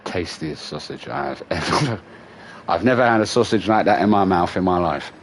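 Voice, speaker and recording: A middle-aged man hosts a gaming livestream in a low voice. He chats loosely and swears freely, telling animated stories full of slang. There is a faint hiss of noise under him. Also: normal speed. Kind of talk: casual chat.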